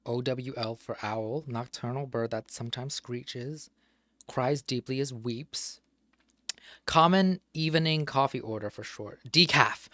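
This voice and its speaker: A man muttering through crossword clues on a gaming stream spells words out letter by letter and curses now and then in mild frustration. His mid-range voice is bright and forceful. There is no room sound.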